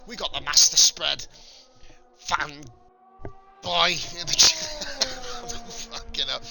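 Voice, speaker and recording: Male streamer commentating a sim race, slightly high voice, loose and sweary, music playing underneath. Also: a little slow, vocal fry, pushed and bright. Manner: casual, sweary, rambling banter with chat. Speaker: sim racing league commentator and stream host. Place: home streaming setup.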